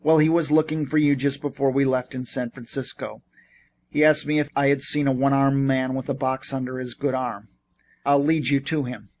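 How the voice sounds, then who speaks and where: A man reading as a grumbling, bitter train brakeman, gruff and short-tempered. An ordinary middle-pitched voice from a storybook reading. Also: little pitch movement, normal speed, natural voice.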